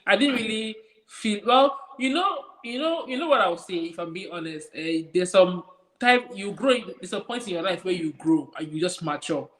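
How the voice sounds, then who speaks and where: A woman's voice: medium pitch, moderate pace, poor audio. A woman with a Nigerian accent, co-hosting a movie review and talking reflectively, with many "you know" fillers. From Nigeria (Igbo). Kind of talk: casual chat.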